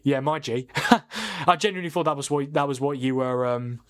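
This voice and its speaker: Man, livestream host, casual chat, argumentative, slightly high voice. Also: brisk, fairly bright tone. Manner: chatty, argumentative, answers chat comments. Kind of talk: casual live football chat.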